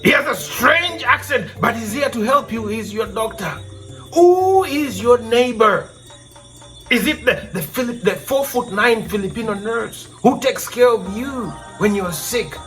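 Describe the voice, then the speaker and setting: A man from Kenya tells a moral folk tale in a fairly high voice with big swoops of pitch. He takes his time, drawing out his phrases and repeating his questions like a preacher, over faint music. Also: expressive, slow, fairly bright tone. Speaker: storyteller and show host. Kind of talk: oral storytelling with a moral.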